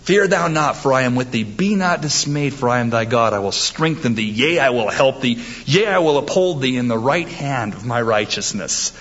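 A man's voice: medium pitch, lively intonation, moderate pace, few pauses, fairly bright tone, lo-fi sound. A man preaching a sermon, emphatic and quoting scripture with rising force. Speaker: pastor.

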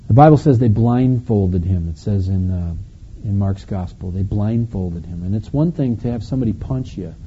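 A man's voice: lowish voice, normal speed, husky, phone-quality sound. A man from Wisconsin with a Wisconsin accent preaching a sermon, earnestly retelling the story and voicing the quoted lines. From Wisconsin, United States. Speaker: pastor.

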